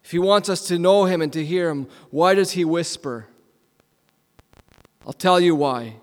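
A man preaching a sermon as a pastor, asking rhetorical questions and repeating lines, swinging from loud emphasis to hushed near-whispers. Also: fairly high pitch, measured pace, long pauses. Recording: long hall reverb.

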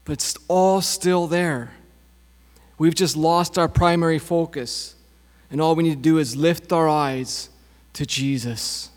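Slow-preaching man in a reverberant hall. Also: fairly high pitch, steady tone. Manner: slow, repetitive preaching cadence. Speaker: pastor. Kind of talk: sermon.

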